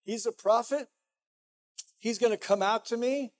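A man's voice: very high voice, a little slow. A man voicing a proud army commander who is sure he deserves honor, in a boastful, casual way.

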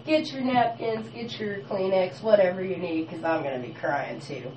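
A woman hosting a radio show in casual on-air chat, blunt and expressive and swearing freely. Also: mid-range voice, normal speed, slight background noise. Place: small radio studio. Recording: echoey distant lo-fi radio studio.

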